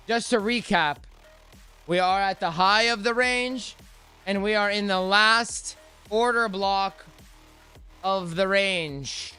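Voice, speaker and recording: A man's voice: high voice, a little slow, long pauses, sharp tone, clear, resonant tone, soft background music. A young man hosting a live trading stream, talking energetically and chatting with viewers.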